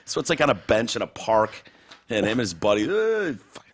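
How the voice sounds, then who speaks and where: A man hosting a casual podcast, telling crude, profane stories with big jumps in pitch. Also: big pitch swings, fairly quick. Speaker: podcast host.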